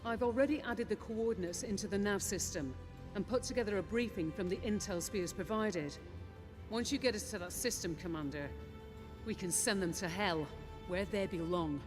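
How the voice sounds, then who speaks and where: A woman's voice: medium pitch, normal speed, over music, lightly acted. An actress playing a determined female ship officer briefing her commander in a game. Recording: game audio with long reverb.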